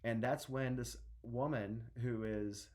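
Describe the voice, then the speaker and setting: A man's voice: medium pitch, steady tone, slow pace, a little mellow. A middle-aged man preaching a sermon as a minister, talking conversationally with restarts and acting out the people in a story.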